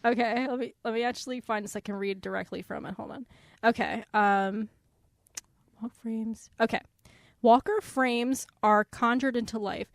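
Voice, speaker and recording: A woman co-hosting a casual book-discussion podcast, animated, laughing often and breaking into loud exclamations. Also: fairly high pitch, moderate pace, dry recording, studio quality. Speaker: podcast co-host.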